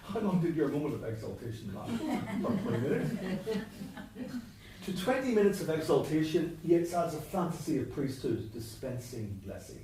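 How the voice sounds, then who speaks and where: A man's voice: a little high, big pitch swings, a little fast, few pauses, dark tone. A man giving an academic lecture on poetry, thinking aloud with asides and restarts. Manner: discursive, self-interrupting, with asides. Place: church hall. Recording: distant mic, echoey church hall.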